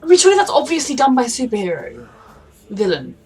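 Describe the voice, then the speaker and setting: A woman's voice: fairly high pitch, huge pitch swings, fast, mellow. A woman chatting casually and rambling as she reacts to a TV episode, openly anxious about the plot. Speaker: TV reaction YouTuber.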